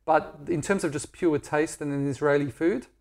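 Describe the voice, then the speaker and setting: A man's voice: fairly high pitch, normal speed, a little mellow. A middle-aged Australian man chatting candidly as an interview guest, joking and self-deprecating. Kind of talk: casual interview chat.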